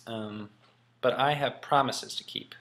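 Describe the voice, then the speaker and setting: A man's voice: medium pitch, a little slow, fairly bright tone. A man teaching in a casual, musing way, thinking aloud with frequent ums. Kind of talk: casual classroom explanation.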